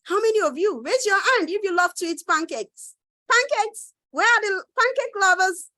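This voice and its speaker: A woman teaching children phonics in an online class, cheerful and coaxing, repeating words slowly for them to echo. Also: extremely high pitch, animated, sharp tone. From Nigeria. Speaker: reading teacher. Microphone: close mic in a virtual class.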